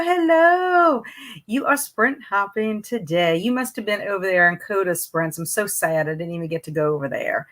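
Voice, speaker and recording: A woman's voice: medium pitch, fairly bright tone. A woman hosting a casual reading live stream from home, greeting viewers and reading chat messages aloud in a chatty, rambling way.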